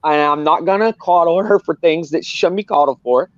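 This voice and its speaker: A man's voice: fairly high pitch, fairly quick, no room sound. Earnest, rambling man on a dull line. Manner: earnest, rambling, repeats himself. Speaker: guest. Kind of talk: candid personal talk.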